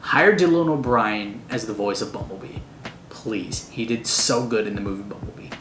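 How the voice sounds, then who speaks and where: A man's voice: on the low side, normal speed. Gushing male fan reviewer, roomy echo. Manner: gushing, excitable fan talk with slang. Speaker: movie reviewer. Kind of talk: casual spoiler review. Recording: roomy echo, faint noise.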